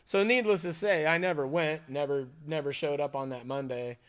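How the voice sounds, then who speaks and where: A man telling a story in a loose, profane podcast chat. His voice sits a little higher than most men's. He swings between hushed asides and loud outbursts. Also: fairly even intonation, normal speed, smooth. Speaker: podcast co-host.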